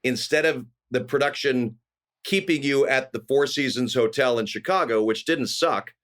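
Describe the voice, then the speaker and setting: A middle-aged man from California, a guest actor telling lively anecdotes in an interview and acting out the people he quotes. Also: mid-range voice, normal speed. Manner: animated anecdotes with voiced quotes. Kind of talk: storytelling interview.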